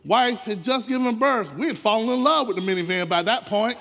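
A man preaching a storytelling sermon, talking straight to the congregation and swinging between racing and slow, drawn-out delivery. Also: high voice, vocal fry, highs cut off, slight background noise. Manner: animated storytelling with sudden swings in pace and loudness; talks directly to the congregation. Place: church sanctuary. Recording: long hall reverb from a church.

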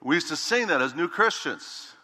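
A middle-aged man preaching a sermon as a pastor, emphatic, slowing down and stretching key words for weight. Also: on the high side, expressive, bright, forceful tone, slightly rough, in a large hall.

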